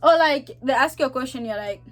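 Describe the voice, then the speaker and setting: A young Zambian woman with a Zambian accent chats casually to camera for her vlog audience, animated, repeating herself and laughing often. Her voice sits high and she speaks fairly quickly.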